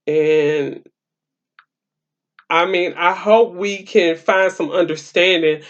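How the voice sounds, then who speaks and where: A woman hosts her own live-stream talk show and speaks to her viewers in a loose, rambling way, full of "um"s. She talks slowly and unhurriedly. Her voice comes through dull, lo-fi stream audio. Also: fairly low pitch. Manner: rambling, filler-heavy, talks straight to viewers. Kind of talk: casual live-stream chat.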